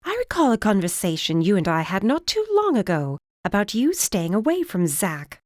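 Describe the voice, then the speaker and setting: A woman's voice: mid-range voice, wildly swooping pitch, moderate pace, a little mellow, no room sound, clean studio sound, pitched above the performer's own voice. A woman voicing a stern, disapproving middle-aged witch mother with a clipped, imperious manner in an audiobook. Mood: scornful.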